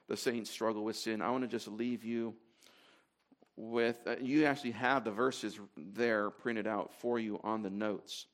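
A man's voice: lowish voice, fairly even intonation, unhurried. A man preaching to a congregation in a conversational way, with fillers and restarts as he reads scripture aloud. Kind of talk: sermon.

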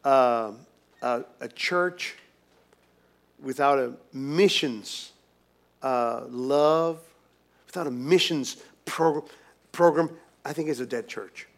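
A man preaching a sermon as pastor, swinging from hushed, quiet lines to loud, emphatic ones, with many restarts. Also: medium pitch, slow, pauses often.

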